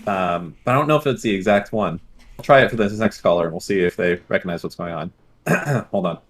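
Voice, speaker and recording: A man's voice: low-pitched, a little fast. A young man co-hosting a call-in dating show, casual, crude and joking, swearing often. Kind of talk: casual streaming chat.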